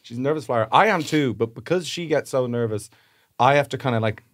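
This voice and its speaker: A man's voice: medium pitch, fairly quick, no room sound. A young Irish man, a podcast co-host, telling a rambling anecdote with laughs and acted-out voices. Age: young adult. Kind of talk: casual chat, storytelling.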